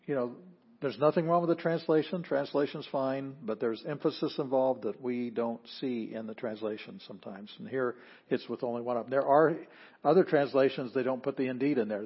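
A man's voice: mid-range voice, slightly rough, lo-fi sound. A man teaching an introductory Greek class, explaining step by step and often restarting his phrases. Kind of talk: classroom lecture.

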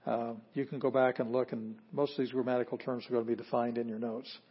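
A man's voice: mid-range voice, fast, husky, muffled recording. Chuckling man lecturing a class. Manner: relaxed, chuckling, plainspoken, with fillers. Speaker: Greek teacher.

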